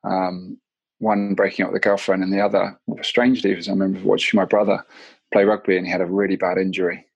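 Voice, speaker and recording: Candid, reflective man with a low voice. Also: flat delivery, fast, vocal fry, slightly rough, no echo, lo-fi sound. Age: 30s. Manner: reflective, candid storytelling with many restarts. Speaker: guest, mindset coach. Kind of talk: casual podcast conversation.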